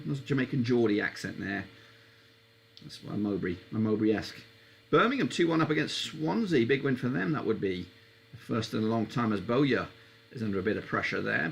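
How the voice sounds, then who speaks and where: A man talks through a football match live for his stream viewers, a gravelly, creaky edge to his voice. His pitch shoots up when a chance is on, then drops back into easy chat. A faint hiss sits under the recording. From England. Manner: excitable, voice leaps up high on chances. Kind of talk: live football watchalong commentary.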